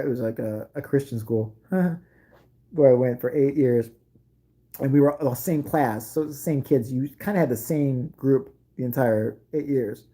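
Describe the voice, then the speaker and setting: A woman's voice: very deep voice, warm tone. A middle-aged woman telling a profane comic story about her school days, brash and laughing as she goes.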